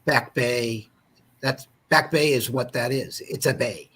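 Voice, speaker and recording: A man's voice: medium pitch, takes it slowly, fairly bright tone, a little hiss or hum. A man in his fifties with a Boston accent, a guest telling a rambling, digressive history story in casual conversation. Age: 50s.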